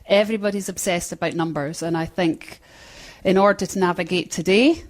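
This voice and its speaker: A woman's voice: lowish voice, steady tone, a little fast. A middle-aged Scottish woman, a musician guesting on a radio show, speaking frankly and with firm opinions. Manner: frank, opinionated, laughs easily. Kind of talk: casual radio interview.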